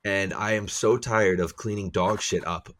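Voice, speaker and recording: A man co-hosting a podcast, chatting casually and ranting in profane, animated complaints. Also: lowish voice, normal speed. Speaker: podcast co-host. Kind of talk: casual chat.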